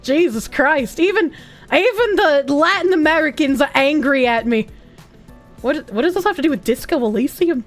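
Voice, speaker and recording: A woman's voice: sits high, expressive, moderate pace, faint music behind. A woman streamer chatting casually and bluntly as she reacts to posts, swearing freely and laughing often.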